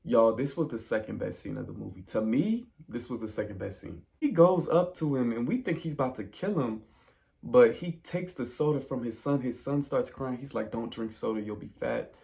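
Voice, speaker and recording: A man casually recapping a film plot in a spoiler review, telling it as an animated story and talking straight to his viewers. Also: medium pitch, moderate pace, gravelly. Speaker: movie reviewer.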